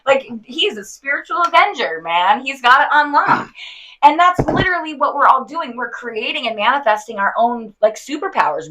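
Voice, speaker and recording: A woman's voice: sits high, big pitch swings, normal speed, bright, forceful tone, poor audio. A woman co-hosting a podcast in casual spiritual chat, effusive, laughing often and leaning on "like". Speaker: podcast co-host.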